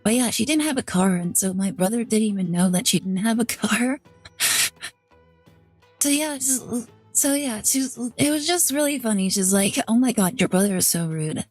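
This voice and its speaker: Slightly high, breathy woman streamer rambling. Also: normal speed, darkish tone, soft background music. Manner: rambling, full of "like" fillers and restarts. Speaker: VTuber streamer. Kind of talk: casual chat storytelling during a game stream.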